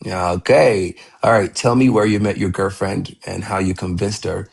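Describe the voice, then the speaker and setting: A male English teacher hosting a live session, talking in a lively, encouraging coaching manner. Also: low voice, moderate pace, vocal fry, husky.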